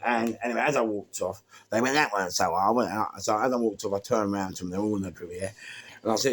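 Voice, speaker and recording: A man's voice: lowish voice, fast. A middle-aged man with a London accent, casually telling an anecdote and acting out the voices of everyone in it. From England. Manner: animated storytelling, acting out both sides of dialogue. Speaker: storyteller. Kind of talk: casual anecdote told to camera.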